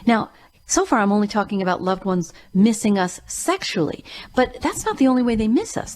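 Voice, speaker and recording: A woman's voice: medium pitch, very animated, fairly quick, a little hiss or hum. Earnest woman host telling a personal story. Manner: earnest, emphatic. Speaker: show host and grief coach.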